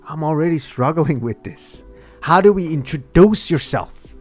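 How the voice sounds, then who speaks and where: A man's voice: a little high, animated, unhurried, a little mellow, faint music behind. A man vlogging and thinking aloud in a casual, hesitant way, often trailing off mid-thought.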